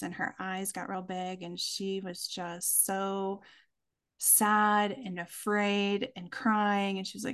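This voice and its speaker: A woman, a mother, telling a personal story in a conversation, earnest and reflective, slowing down for emphasis. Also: mid-range voice, little pitch movement, a bit bright. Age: adult with children. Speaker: podcast guest.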